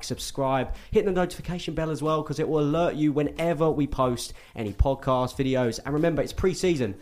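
A man hosting a football podcast from a studio, upbeat as he thanks the viewers and plugs the channel. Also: mid-range voice. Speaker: podcast host. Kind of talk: casual football podcast chat.

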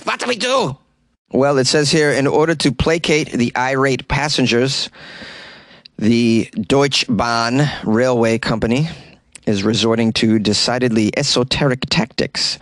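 A man with a mid-range voice and no room sound hosts a comedy news podcast from a small closet. Having lived in New York City, he reads articles aloud and sarcastically riffs on them, mocking what he reads.

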